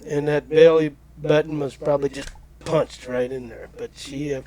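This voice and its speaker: Man, podcast host, casual chat, rambling storyteller, folksy, fairly high pitch. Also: fairly even intonation, normal speed, mellow. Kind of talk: casual chat, anecdote telling.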